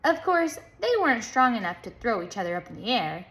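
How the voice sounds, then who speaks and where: A woman reading a children's book aloud in a lively, playful way, chanting the rhythm sounds. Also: a little high, brisk. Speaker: storybook reader.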